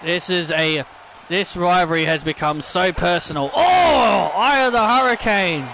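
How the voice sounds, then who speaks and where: Over a video game, a man delivers excitable wrestling play-by-play, yelping at big moves and cracking sarcastic jokes about glitches. His voice is high and his pace moderate, with background noise in the recording.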